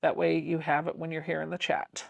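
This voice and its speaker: A woman's voice: low voice, monotone, a little fast, vocal fry, dry recording. A woman hosting a quilting livestream, chatting casually as she reads viewer comments aloud and answers them, laughing often. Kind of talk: casual livestream chat while sewing.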